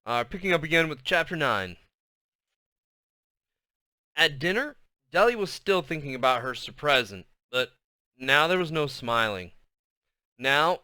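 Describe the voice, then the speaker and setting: A man reading a children's chapter book aloud, his voice bright and smooth. He recaps loosely with fillers before settling into a steady read. The sound is close and dry. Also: mid-range voice, no echo. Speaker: reader of a children's novel.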